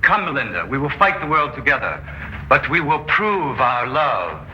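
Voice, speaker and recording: A frantic lovesick young eloper. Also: male voice, medium pitch, sing-song, moderate pace, sharp tone. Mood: melodramatic. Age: young adult. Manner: stammering, pleading. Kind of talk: 1950s television drama acting. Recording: dull lo-fi 1950s TV soundtrack.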